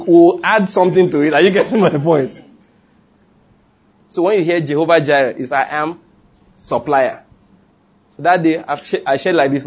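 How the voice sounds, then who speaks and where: Husky Nigerian pastor telling stories. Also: male voice, on the high side. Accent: Nigerian English. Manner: animated, laughs often, asks the audience questions. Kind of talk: sermon storytelling.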